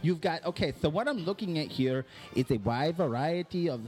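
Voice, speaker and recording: A man's voice: on the high side, animated, fairly quick, a little mellow, lightly acted. An actor playing a flamboyant, sassy male fashion consultant in a comedy sketch, talking theatrically and swinging between gushing and mock outrage.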